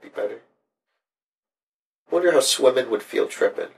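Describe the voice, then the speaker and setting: A man's voice: medium pitch, animated, moderate pace, creaky. A young man co-hosting a podcast with laughing, crude banter. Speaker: podcast co-host. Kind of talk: casual podcast chat. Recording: faint background noise.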